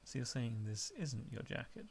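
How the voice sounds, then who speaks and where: A man's voice: mid-range voice, big pitch swings, moderate pace, gravelly, a little mellow, slight background noise. A man streaming a game live, reading its dialogue aloud in a casual, playful way.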